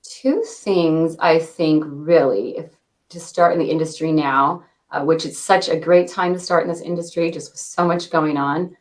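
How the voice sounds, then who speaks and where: A woman in her thirties answers interview questions about her work. She talks with a quick cadence and laughs lightly now and then. Her voice sits fairly low for a woman. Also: steady tone. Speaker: interview guest, product launch director.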